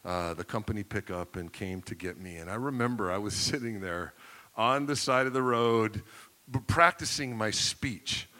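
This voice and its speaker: A man preaching a sermon, telling a personal story with animated delivery and acting out the voices of the people in it. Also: lowish voice, normal speed, long reverb tail. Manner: animated storyteller, acts out voices, laughs often. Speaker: pastor.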